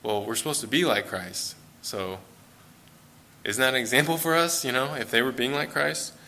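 A man with an American accent preaching a sermon in a church, conversational and relaxed, with fillers and self-corrections. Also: mid-range voice, normal speed.

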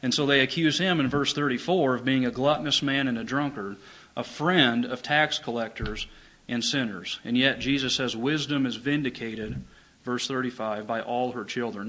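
A man's voice: mid-range voice, fairly bright tone, low-quality recording. A man preaching a sermon, reading scripture aloud and explaining it in an earnest, emphatic way. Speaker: pastor.

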